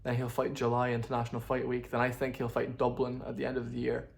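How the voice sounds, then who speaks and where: An MMA commentary YouTuber talks casually to camera in a medium-pitched, monotone, creaky voice at a quick pace. Chatty and opinionated, he often thinks aloud and laughs at his own jokes in this casual vlog commentary.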